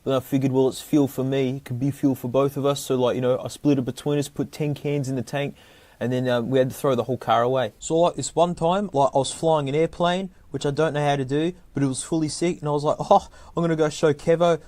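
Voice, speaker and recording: An Australian man spins absurd comic anecdotes in a loose, rambling way. He is mid-pitched and leans on ocker slang, with "like" and "mate" in almost every line. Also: fairly even intonation, fast talker, darkish tone. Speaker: comedic YouTuber.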